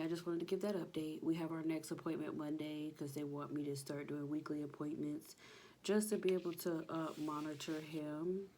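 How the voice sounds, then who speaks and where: A woman's voice: low-pitched, mellow. A pregnant young woman chatting casually to her viewers at home, out of breath and sighing between phrases. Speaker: vlogger. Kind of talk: casual chat. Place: home kitchen.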